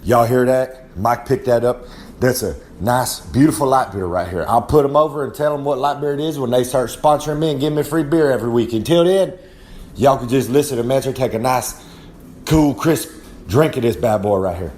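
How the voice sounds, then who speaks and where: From his trailer at home, a young wrestler delivers a podcast segment in a fairly quick, mid-range, slightly mellow voice. He has a Southern American accent and a rambling, folksy drawl, and he calls himself by name in the third person.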